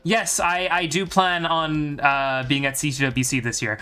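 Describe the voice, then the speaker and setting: Bright, high-voiced man with a light Irish accent. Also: steady tone, unhurried, clear, resonant tone, faint music behind. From Ireland. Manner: joking, chatty, bragging. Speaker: game commentator and streamer. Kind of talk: live game commentary and chat with viewers.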